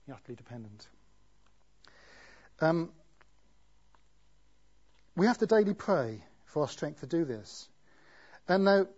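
A man preaching a sermon in a conversational way, often asking rhetorical tag questions, with a husky voice. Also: on the high side, a little mellow. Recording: dull lo-fi recording.

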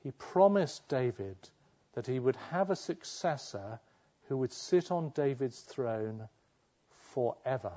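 A man's voice: medium pitch, lively intonation, takes it slowly, dark tone, dull audio. Man preaching, acting out quoted voices. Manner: asks the congregation rhetorical questions and acts out quoted voices. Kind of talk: sermon.

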